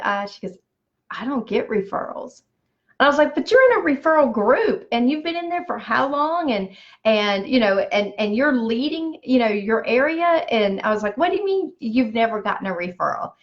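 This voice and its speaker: A woman in business telling a personal story, with lots of animated quoted dialogue. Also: mid-range voice, highs cut off. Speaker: business speaker.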